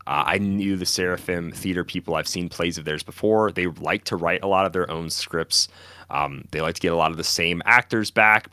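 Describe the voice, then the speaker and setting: A man's voice: deep voice, bright, forceful tone. A man co-hosting a podcast, chatting casually and telling rambling stories with acted-out quotes. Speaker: podcast co-host. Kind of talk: casual chat.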